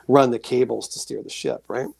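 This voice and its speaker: Gravelly man telling a story. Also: mid-range voice, moderate pace, dry recording. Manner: animated storyteller, acts out voices and sounds. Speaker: guest, author and paranormal experiencer. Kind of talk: storytelling in a casual interview.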